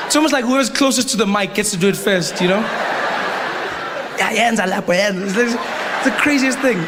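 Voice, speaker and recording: A man's voice: very high voice, animated, fast talker, heavy background noise. A man doing stand-up, telling stories and repeating lines for effect. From South Africa. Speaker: stand-up comedian. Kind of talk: stand-up comedy.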